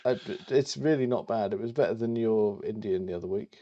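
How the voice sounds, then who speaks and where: A man co-hosting a podcast, chatting casually and thinking aloud slowly with lots of hesitations. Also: fairly low pitch, dark tone, lo-fi sound. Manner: slow, musing, thinks aloud with many ums. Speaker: podcast co-host. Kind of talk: casual chat.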